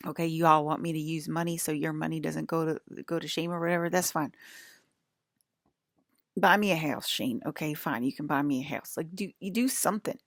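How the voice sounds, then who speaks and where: Low gravelly woman ranting. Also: a little fast, a little mellow, no echo, clean studio sound. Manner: profane, irritated rant. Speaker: vlogger. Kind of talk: rambling monologue.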